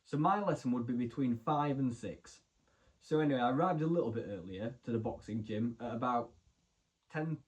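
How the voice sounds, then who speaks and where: A young man chats to camera as a vlogger, telling loose, rambling anecdotes. His voice sits at an ordinary middle pitch, and he strings his stories together with easygoing fillers. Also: a little mellow, breathy edge. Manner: chatty, rambling, lots of "so anyway" and "like". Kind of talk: casual storytelling to camera.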